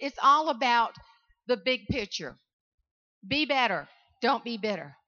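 A woman from South Carolina with a Southern accent gives an animated motivational speech to students and keeps calling out to the audience. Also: fairly high pitch, measured pace, highs cut off. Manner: animated storytelling, calls out to the audience. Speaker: motivational speaker.

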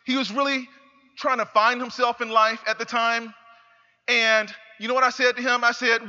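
A young man giving an emphatic motivational speech, repeating phrases and building up to shouts. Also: very high voice, flat delivery, normal speed. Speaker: motivational speaker. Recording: reverberant hall, slightly dull sound.

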